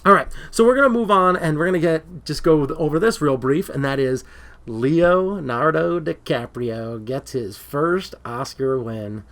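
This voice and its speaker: A man co-hosting a casual movie talk show, rambling and getting excited when he retells a story. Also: a little high, unhurried. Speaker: podcast co-host.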